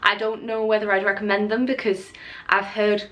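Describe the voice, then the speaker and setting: A woman's voice: medium pitch, little pitch movement, moderate pace, a bit bright. A young woman chatting casually to camera at home, rambling and breaking off now and then to talk to her puppy. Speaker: vlogger. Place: home living room.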